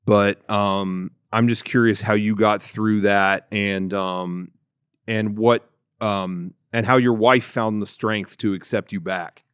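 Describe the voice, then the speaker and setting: A man's voice: lowish voice, steady tone, takes it slowly, fairly bright tone, smooth, no room sound, clean studio sound. A man playing an awkward fan who asks a question hesitantly, full of ums and restarts. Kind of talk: comedic audience question at a panel.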